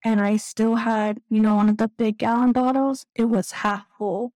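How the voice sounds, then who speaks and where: Woman in her 30s, halting and teary, kinda high voice but soft and warm, dry close sound. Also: fairly even intonation, no room sound, rough recording. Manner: candid, halting, tearful at times. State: close to tears. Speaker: guest sharing recovery story. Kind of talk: emotional personal testimony.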